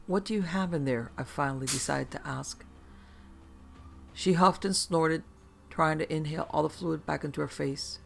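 Gravelly narrator telling a horror story. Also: medium pitch.

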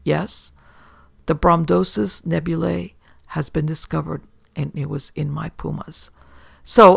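A man reading a first-person story aloud in a wry, deadpan manner. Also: fairly high pitch, vocal fry, husky, dry recording. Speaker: audiobook narrator.

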